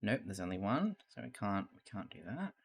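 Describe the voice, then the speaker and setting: Excitable, swearing streamer with a lively voice. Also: low voice, fairly quick, slight background noise. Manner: chatty and excitable, swears freely, laughs often. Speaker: live streamer. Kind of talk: casual chat to a live stream audience while crafting.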